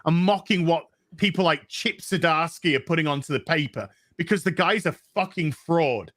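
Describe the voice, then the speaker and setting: Male co-host, high bright voice, heated sweary rant. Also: moderate pace, no room sound. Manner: profane and animated, mocking voices of others. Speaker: comic book show co-host. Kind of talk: heated opinion rant on a livestream panel.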